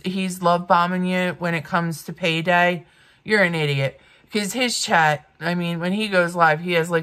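A woman's voice: lowish voice, a bit bright. A woman in her fifties doing get-ready-with-me commentary, blunt and ranting, swearing freely. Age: 50s. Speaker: beauty vlogger.

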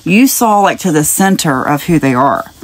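A woman's voice: sits low, animated, moderate pace. A woman giving a casual spiritual reading straight to the viewer. She chats and rambles, wanders into side stories and laughs lightly between thoughts. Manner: speaks directly to the viewer, wandering off into tangents. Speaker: spiritual message reader.

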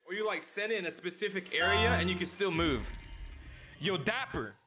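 A man's voice: high-pitched, moderate pace, lo-fi sound, heavy background noise. Young guy streaming games, hyped and slangy, voice jumps all over. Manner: excitable, slangy, talks straight to chat. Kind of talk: casual live-stream chat while gaming.

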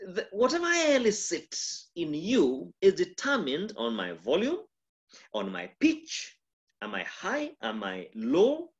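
A man with a Kenyan accent, a pastor giving a mentorship lecture on communication, demonstrative and full of pauses and shifts in volume. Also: highs cut off. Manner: lively, demonstrative, shifts volume and pitch to illustrate.

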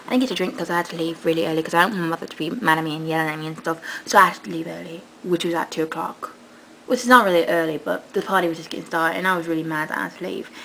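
Bright-voiced young woman telling a sarcastic, swearing story. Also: lowish voice, rapid-fire, creaky, a little hiss or hum, low-quality recording. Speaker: vlogger. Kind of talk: casual storytelling vlog.

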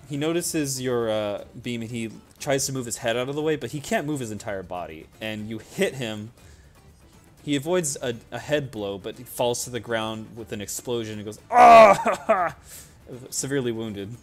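A young man runs a tabletop game as game master, narrating the action in an animated, loose way. He laughs often and leans on fillers and casual swearing. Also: mid-range voice, moderate pace, faint music behind.

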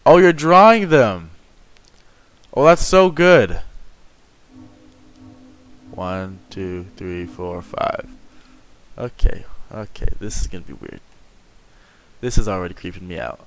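Young male gamer, unhurried, lively pitch, easily spooked commentator. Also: vocal fry. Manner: jittery, swearing, yelps when startled. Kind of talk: horror game commentary.

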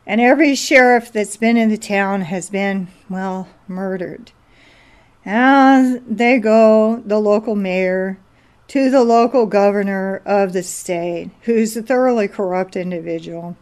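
A woman's voice: medium pitch, unhurried, a little mellow. A woman giving an informal sermon, telling a story and exhorting listeners. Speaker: preacher. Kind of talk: informal sermon with a film anecdote.

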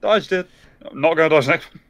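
A man hosting a co-op game session, quick and dry with a joking manner. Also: on the high side, a bit bright, no echo, muffled recording. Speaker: channel host and gaming partner. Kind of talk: live gameplay chat.

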